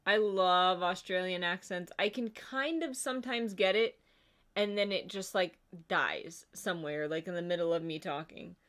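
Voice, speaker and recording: A woman's voice: fairly low pitch, normal speed, a bit bright. Woman cohost on a livestream, casual rambly chat, lots of "like", reads comments out. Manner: chatty, rambling, says "like" a lot. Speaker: co-host of a livestream.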